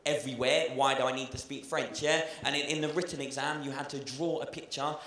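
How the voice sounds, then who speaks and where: A man's voice: mid-range voice, fairly even intonation, fast. A young man from London with a South London accent, doing a stand-up comedy set, chatty and mock-boastful, often asking the crowd "yeah?". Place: comedy club stage before a laughing audience. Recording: echoey club heard from a distance, loud crowd and noise.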